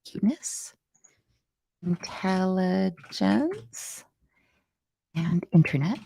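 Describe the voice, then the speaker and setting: Husky, playful woman teaching code. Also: mid-range voice, very animated, very slow, dark tone. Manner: chatty and playful, thinks aloud, reads chat comments. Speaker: coding bootcamp instructor. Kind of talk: live-streamed coding lesson.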